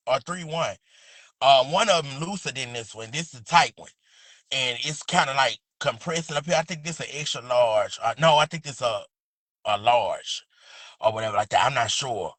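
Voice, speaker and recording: A man's voice: high voice, pushed and bright, no room sound. A man hosting a casual livestream from outdoors by a house, talking loosely to viewers, calling them baby and boo, and drawing out a sing-song catchphrase. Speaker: livestream host.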